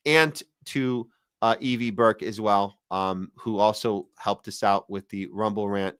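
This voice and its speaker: Podcast host guy, punchy clear voice, sarcastic rambly chat, dry close sound. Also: on the low side, fairly even intonation, measured pace, a bit bright, no echo. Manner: sarcastic, chatty commentary. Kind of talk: casual live-stream chat reading viewer comments.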